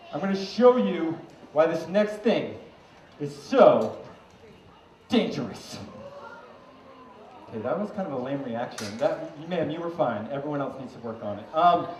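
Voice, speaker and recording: A man's voice: on the high side, darkish tone, slight background noise. A man from Maine doing a comedic juggling act for a fair crowd, teasing the audience and mocking himself. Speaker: juggling street performer. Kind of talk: comedic stage patter to a crowd. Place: outdoor fair stage. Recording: roomy, distant, muffled outdoor recording with faint ambience.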